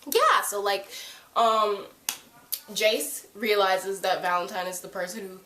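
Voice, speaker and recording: A woman gives a casual recap of a TV episode, her voice sitting at a middling pitch. She is chatty and animated and bursts into high, loud voices when she acts out lines. The recording has a roomy echo. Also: unhurried, slight background noise. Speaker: TV episode reviewer.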